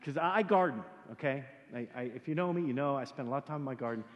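A male pastor preaching a sermon in a church, animated and joking, often repeating words as he starts sentences. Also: mid-range voice, racing. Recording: echoey hall reverb.

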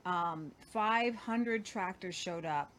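Lower-voiced rambling woman co-host. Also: takes it slowly, a bit bright, a little hiss or hum. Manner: rambling, hesitant with fillers. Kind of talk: casual news chat.

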